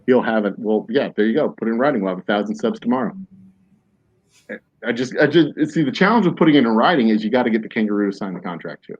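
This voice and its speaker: Jokey rambling man with a lively voice. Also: mid-range voice, fast talker, husky. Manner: rambling, jokey riffing with mock-serious tangents. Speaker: podcast host. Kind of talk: casual chat. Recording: dull lo-fi, dry.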